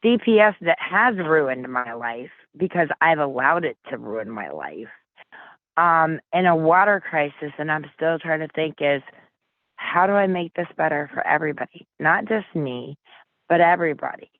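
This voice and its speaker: A woman's voice: sits low, big pitch swings, normal speed, dry recording. Woman on a tinny phone line. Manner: blunt, earnest, swears casually. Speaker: interview guest. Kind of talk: emotional personal storytelling. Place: Flint, Michigan. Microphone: phone call.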